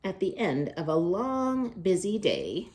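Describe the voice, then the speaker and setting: A woman hosting children's storytime, reading a picture book aloud with expressive loud calls and hushed asides. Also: medium pitch, takes it slowly.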